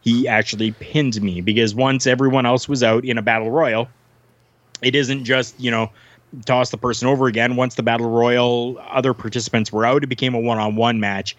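A man's voice: medium pitch, fairly even intonation, a little fast, dry recording. A man from Canada, a former wrestler, telling a story as a guest in a casual chat, full of fillers and restarts. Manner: rambling, many fillers and restarts. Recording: dull lo-fi sound.

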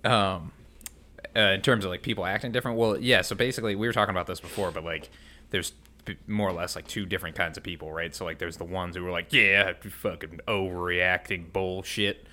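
Brief: young male co-host, very low, bright, rambling laid-back storyteller. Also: steady tone, quick pace. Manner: rambling storyteller, frequent ums and laughs. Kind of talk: casual chat.

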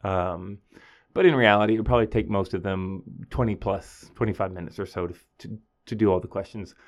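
A high school teacher tells a story in a casual podcast monologue, speaking a little fast. He imitates his students by shifting into a higher voice.

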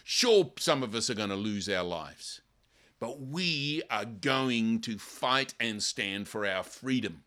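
Older man, pastor preaching, low voice, bright forceful tone. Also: expressive, slow. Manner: impassioned, builds to loud dramatic quotes. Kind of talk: sermon.

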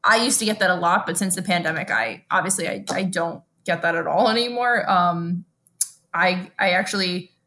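A woman's voice: on the low side, normal speed, sharp tone. A woman, co-hosting a podcast in casual chat, telling stories animatedly and swearing freely. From Brooklyn, New York. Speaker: podcast co-host.

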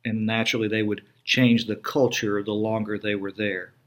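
A middle-aged man, a pastor giving sermon-style podcast teaching with an emphatic preaching cadence, slowing down on stressed words. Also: fairly low pitch, little pitch movement, a bit bright.

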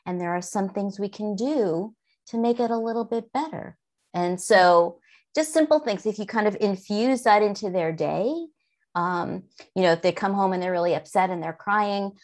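Calm, gently instructive middle-aged woman. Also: medium pitch, normal speed. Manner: calm, gently instructive, models soothing talk to a child. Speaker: guest expert on mindfulness. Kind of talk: conversational explanation.

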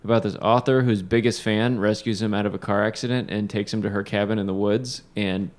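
A man's voice: on the low side, steady tone, a little fast. A man hosting a podcast, joking in easygoing casual chat. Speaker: podcast host.

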